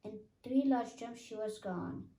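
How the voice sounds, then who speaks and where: A woman reading a children's book aloud at a careful, halting pace, with small slips and restarts. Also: on the high side, mellow, far from the mic. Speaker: reader. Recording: echoey room, voice off-mic.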